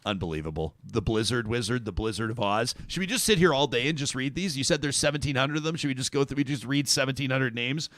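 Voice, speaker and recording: A man's voice: mid-range voice, quick pace, few pauses, fairly bright tone, dry recording, clean studio sound. A man in his thirties hosting a talk show, chatting casually and joking, rambling with restarts. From Canada.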